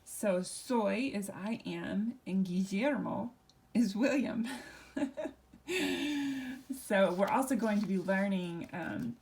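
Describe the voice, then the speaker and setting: A woman's voice: medium pitch, slow, pauses often, a little mellow. Patient woman teaching a recorded lesson. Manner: patient, explains step by step with questions. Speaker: Spanish teacher.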